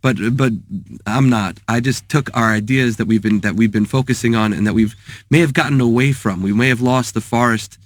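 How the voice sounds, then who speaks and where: A man, a therapist and author, talking in a thoughtful, halting way and mixing in Hebrew terms. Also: mid-range voice, dry recording, studio quality. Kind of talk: casual talk with teaching.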